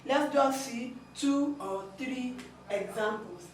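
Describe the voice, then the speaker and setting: A woman's voice: high voice, takes it slowly, a little hiss or hum. A woman giving a language lesson, explaining patiently and repeating her points. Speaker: language teacher. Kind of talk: classroom lesson. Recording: echoey room, mic at a distance.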